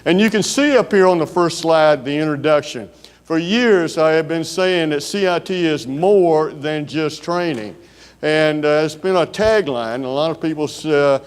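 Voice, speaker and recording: A man with a Southern US accent gives a conference keynote speech, telling stories in a folksy way with frequent filler pauses. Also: a little high. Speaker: keynote speaker. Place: large conference hall. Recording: long hall reverb.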